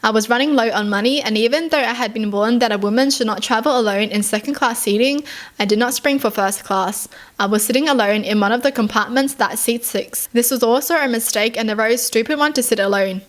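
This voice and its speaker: A young woman from Australia, with a voice on the higher side, reads stories aloud to her viewers. She breaks off to react with exasperated remarks and heavy sighs. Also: brisk. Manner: indignant outbursts and sighs between readings. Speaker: YouTuber.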